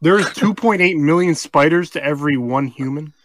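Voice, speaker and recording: A man's voice: on the high side, moderate pace, fairly bright tone, a little hiss or hum. A man sharing trivia facts as a podcast co-host in casual chat.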